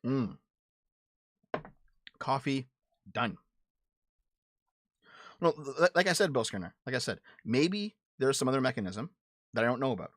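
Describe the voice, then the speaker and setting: Blunt guy on a stream, cursing and arguing with chat, middle pitch, no room echo. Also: lively intonation, unhurried, pauses often, fairly bright tone. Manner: blunt, profane, argumentative; repeats and restarts words when heated. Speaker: livestream show host. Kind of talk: casual political commentary answering chat.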